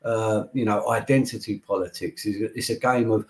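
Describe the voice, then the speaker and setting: A man's voice: on the low side, fairly even intonation, a little fast. A man as a guest in a political interview, emphatic and repeating his points like a speech.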